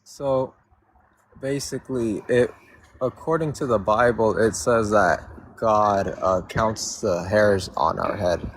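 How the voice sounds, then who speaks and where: A man calling into a podcast to argue his view, speaking in a halting, measured way with frequent restarts. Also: lowish voice, slight background noise. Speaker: caller. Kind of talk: debate argument. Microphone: remote call mic.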